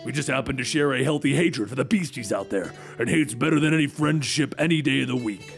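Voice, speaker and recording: A man voicing a brash, aggressive mutated male dog who talks loudly and taunts, often shouting. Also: mid-range voice, a little fast, gravelly, soft background music, natural voice. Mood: cocky.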